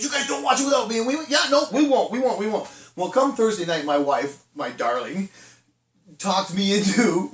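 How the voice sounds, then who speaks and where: A middle-aged man leading a casual children's church talk, chatty with restarts and acted-out quotes. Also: sits high. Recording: echoey room, from a distance.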